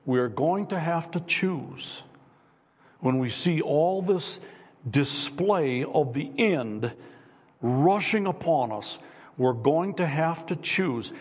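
A man's voice: a little high, expressive, slow pace, slightly rough, long reverb tail. A man preaching a sermon as pastor in a church, earnest and insistent, asking his listeners repeated rhetorical questions. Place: church sanctuary.

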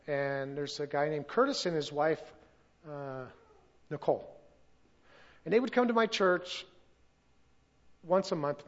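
Man preaching a lively testimony. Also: on the high side, dull audio. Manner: storytelling, acts out quoted voices. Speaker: pastor. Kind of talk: testimony sermon.

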